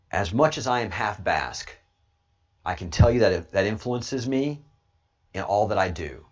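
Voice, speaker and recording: An American man hosting his channel in a casual, rambling livestream monologue, excitable and swinging from low mutters to loud outbursts. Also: dull audio. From United States. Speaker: channel host.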